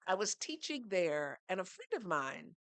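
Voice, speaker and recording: A woman's voice: medium pitch, big pitch swings, unhurried, fairly bright tone, dry recording. A woman, speaking as a podcast guest who tells her story in an earnest, teaching way and poses rhetorical questions. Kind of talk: storytelling conversation.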